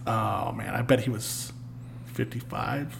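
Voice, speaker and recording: A man's voice: medium pitch, measured pace, vocal fry, a little hiss or hum. Man telling a story, acting out lines. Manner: animated, acts out quoted lines with swearing and laughs. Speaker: podcast guest. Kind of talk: casual storytelling.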